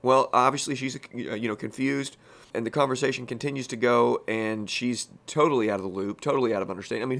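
A man's voice: medium pitch, creaky, fairly bright tone. A man teaching through a Bible passage in a plain-spoken, folksy way, full of casual asides. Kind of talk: conversational Bible teaching podcast.

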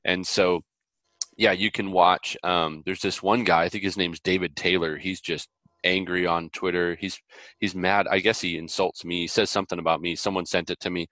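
A man as an interview guest, talking earnestly and animatedly, with lively quoted voices and preacher-like biblical illustrations. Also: sits low, moderate pace, no room sound. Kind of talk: conversational interview.

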